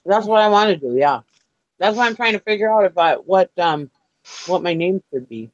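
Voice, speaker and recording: A woman's voice: on the low side, lively intonation, normal speed, no room sound, dull audio. A woman from Minnesota with a Minnesotan accent, chatting in a self-mocking way with other resellers over a phone. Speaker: reseller guest. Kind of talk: casual group chat.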